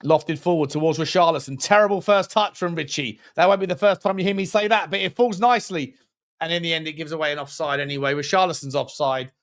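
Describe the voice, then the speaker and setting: A man calls a football match live for his stream. He jokes, jumps up in excitement at chances, and thanks his viewers by name. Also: a little high, fast talker. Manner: jokey, excitable, chats with viewers between plays. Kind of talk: live match commentary and chat.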